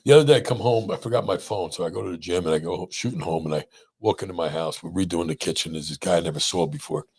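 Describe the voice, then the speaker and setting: Podcast host, male doctor, middle-aged, rough husky voice, lively storyteller. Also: deep voice, fast talker. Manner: animated, acts out quoted voices. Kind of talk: casual storytelling chat.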